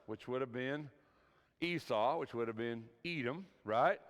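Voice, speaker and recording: In a church hall with long reverb, a man teaches an evening Bible class in a mid-range, unhurried voice on a lo-fi recording. He keeps it conversational, often checking in with "right?"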